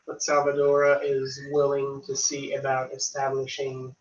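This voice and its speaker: A man's voice: mid-range voice, monotone, moderate pace, roomy sound, recorded from a distance, highs cut off. A man as game master of a tabletop game, explaining the setting in long flowing sentences.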